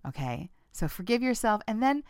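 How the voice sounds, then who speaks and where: A woman hosting a casual self-help talk for listeners, playful and frank, laughing often and jumping in pitch when she acts out quoted lines. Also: lively intonation, unhurried, slight background noise. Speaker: podcast host.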